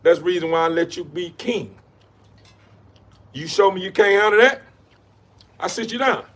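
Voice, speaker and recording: A man's voice: sits high, moderate pace. A man giving a rambling, preachy motivational monologue in street slang, with lots of repetition. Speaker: dog breeder talking to camera.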